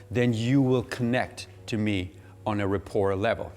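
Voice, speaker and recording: A man leads a public speaking workshop in an animated, talkative way, laughing easily between points. His voice sits at an ordinary middle pitch. Faint music plays underneath. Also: a little slow. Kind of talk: workshop teaching. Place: workshop room.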